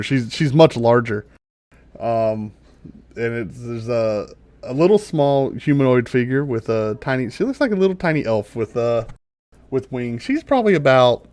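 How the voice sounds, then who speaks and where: A man narrating a tabletop game as game master, describing scenes in an unhurried way with lots of fillers. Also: medium pitch, a little mellow.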